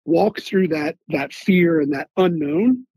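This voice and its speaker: A gravelly man with a somewhat raised voice tells his army stories in an animated way. He is from Philadelphia, stumbles over repeated words as he goes, and sounds husky up close. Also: fairly high pitch, slow, low-quality recording. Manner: animated, repeats words while searching for them. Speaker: guest, Army veteran. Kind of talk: casual interview storytelling.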